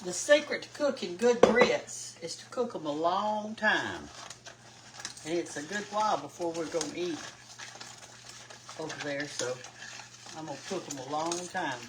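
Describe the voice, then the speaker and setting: A woman's voice: fairly low pitch, animated, a little slow, pauses often, heavy background noise. An older woman with a Southern US accent, chatting folksily while cooking in her kitchen as host of a cooking show. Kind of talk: casual cooking chat. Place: home kitchen.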